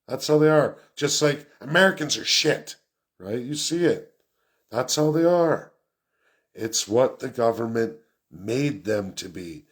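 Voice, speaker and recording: A man giving an unscripted political rant as a vlogger, talking quickly and emphatically and repeating phrases for effect. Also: medium pitch. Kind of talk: unscripted ranting monologue.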